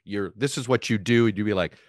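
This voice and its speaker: A man hosting an interview, his voice pitched fairly low. The sound is close and dry, with no room around it. He argues his points in a relaxed, chatty way. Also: a little fast, no echo. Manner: conversational, argumentative, leans on asides like "you know" and "right?". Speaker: podcast host. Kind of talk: casual interview conversation.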